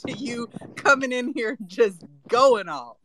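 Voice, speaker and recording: A woman's voice: fairly high pitch, slow, a little hiss or hum. Southern woman from Nashville, blunt. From Nashville, Tennessee. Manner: blunt, excitable, profane. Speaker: guest speaker in audio room. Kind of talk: casual chat.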